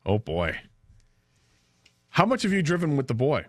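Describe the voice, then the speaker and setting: A man's voice: a little high, wildly swooping pitch, normal speed, dry recording, clean studio sound. A man co-hosting a sports radio show, chatting casually and telling a story with laughs.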